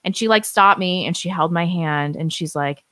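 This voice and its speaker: Woman with a low voice, live-stream co-host, lively storyteller, dry close mic. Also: normal speed, no room sound. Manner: animated storyteller who acts out quotes, laughs often. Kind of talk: casual chat, telling a birth story.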